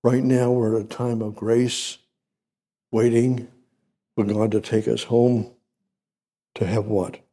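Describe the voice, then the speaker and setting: A man delivers a sermon in a slow, deliberate cadence, leaning on repetition. His voice is dark and gravelly with a husky edge. He jumps up in pitch on key phrases. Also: level tone. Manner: repetitive, emphatic preaching with sudden pitch rises. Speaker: preacher.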